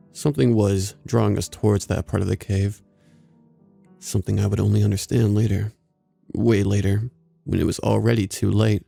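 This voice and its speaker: Gravelly low-voiced horror narrator. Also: male voice, dark tone. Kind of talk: scripted horror story narration.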